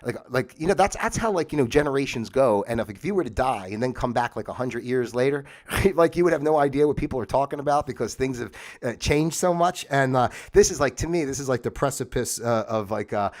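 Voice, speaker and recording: Broadcasting from a webcam setup, a livestream host reads a web page aloud and wanders into casual, incredulous asides, moving on and off camera. His mid-range voice is animated, brisk, and a little mellow.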